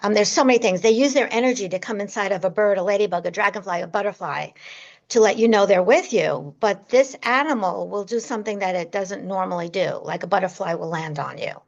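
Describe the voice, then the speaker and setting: A gravelly-voiced woman, a guest medium on a podcast, tells her stories with animation and leaps up in pitch at the big moments. Her voice has some fry, and the remote recording sounds dull and lo-fi. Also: fairly quick. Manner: animated storyteller, voice jumps high when reliving moments. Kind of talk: storytelling in a podcast interview.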